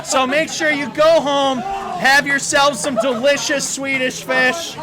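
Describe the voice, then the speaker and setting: A man casting a live tournament game, shouting in hyped excitement, with a cheering crowd and music behind him. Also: extremely high pitch, slow. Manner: shouting, hyped, loud exclamations. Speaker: esports caster.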